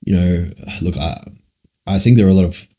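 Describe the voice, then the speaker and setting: A man with a very deep, dark voice and a husky edge answers chat questions on a casual livestream. He rambles and muses, swearing freely as he thinks aloud. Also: normal speed. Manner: rambling, musing, frequent swearing.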